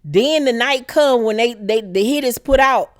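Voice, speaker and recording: Animated woman recapping a TV show. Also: on the high side, moderate pace, no echo, clean studio sound. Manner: animated, acts out characters in exaggerated voices. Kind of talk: casual profane TV recap.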